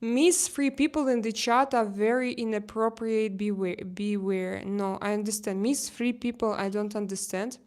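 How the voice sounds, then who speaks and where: A young woman with a Russian accent chatting casually on a phone live stream, halting with fillers and restarts, reading chat messages. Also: mid-range voice, steady tone, darkish tone. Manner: halting, many fillers and restarts, laughs easily. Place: home terrace.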